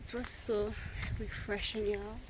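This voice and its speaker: Slow-talking woman vlogging outdoors. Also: medium pitch, little pitch movement. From St. Vincent and the Grenadines. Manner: effusive and chatty, leans on "like" a lot. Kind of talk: casual outdoor vlog chat. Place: outdoors in a rainforest garden. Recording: loud outdoor background noise.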